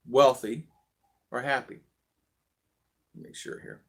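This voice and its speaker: Gravelly, rambling male livestream host. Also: mid-range voice, animated. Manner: rambling, halting, many fillers and restarts; friendly, greets viewers one by one. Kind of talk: casual live chat greeting viewers.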